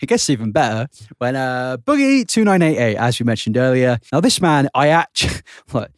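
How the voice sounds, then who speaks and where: A man's voice: medium pitch, sing-song, normal speed, clear, resonant tone, no room sound, clean studio sound. A man co-hosting a podcast, casual chat, laughing and ranting with plenty of swearing. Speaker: podcast co-host.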